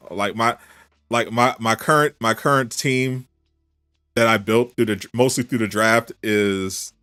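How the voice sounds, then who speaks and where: A man chatting casually as a streamer on a live reaction stream, animated and incredulous, firing off rhetorical questions. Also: on the low side, clean tone, no room sound, studio quality.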